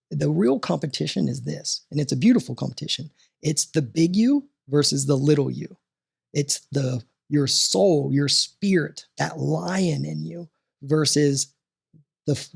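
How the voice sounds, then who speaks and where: A man talking as a podcast guest and coach, animated and motivational, often tossing in "right?" as he talks. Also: on the high side, gravelly, husky.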